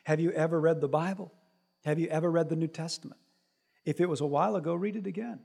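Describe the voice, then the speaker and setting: Husky-voiced preacher delivering a sermon. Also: male voice, a little high, steady tone, fast, a little mellow. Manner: preaching with rising emphatic cries, reading scripture aloud. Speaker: pastor.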